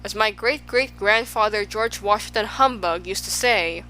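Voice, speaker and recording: A woman's voice: medium pitch, moderate pace, sharp tone, soft background music, natural voice, rough recording. A woman voicing a pompous, boastful male humbug in a storybook, speaking in a blustering, grandiose way.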